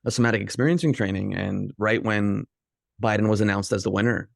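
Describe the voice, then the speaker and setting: A man's voice: lowish voice, brisk, creaky, no room sound, clean studio sound. A middle-aged man co-hosting a podcast, talking in a loose, rambling way with many fillers. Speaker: podcast co-host. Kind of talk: casual conversation.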